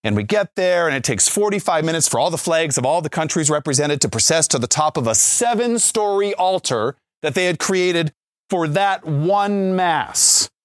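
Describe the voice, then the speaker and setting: A Catholic speaker and former youth minister in his forties tells listeners a faith story, his fairly high voice rising and dipping with lively energy. Animated, he acts out the lines of people in his tale and keeps asking "right?" He talks fairly quickly with hardly any pauses, and the sound is close and dry, with no room around it.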